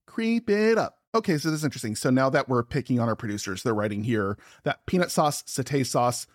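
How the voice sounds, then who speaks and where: Speaking at medium pitch and a little fast, a man co-hosts a podcast in animated, casual chat, playful and teasing. The studio sound is dry and clean.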